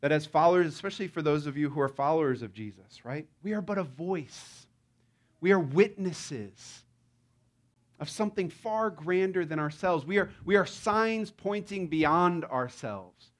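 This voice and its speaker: A man's voice: a little high, expressive, normal speed. A man preaching a sermon in a conversational, playful way, often acting out the lines he quotes. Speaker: pastor.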